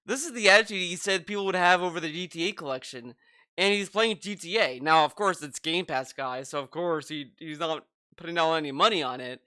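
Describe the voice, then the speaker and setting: A man's voice: a little high, fairly quick, pushed and bright, clean tone, no room sound. A man hosting a reaction commentary video, ranting in a mocking, profane way about a streamer.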